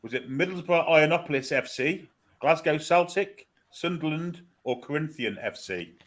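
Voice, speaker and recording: A North East English man reads out multiple-choice football questions in a fairly high voice. He answers wrong guesses in a dry, teasing way. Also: lively intonation, normal speed. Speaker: co-host asking quiz questions. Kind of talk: reading quiz questions.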